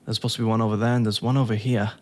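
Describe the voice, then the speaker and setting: A man's voice: on the low side, little pitch movement, racing, a little mellow. A man giving casual commentary on his own gameplay, thinking aloud and chuckling to himself. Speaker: gaming YouTuber.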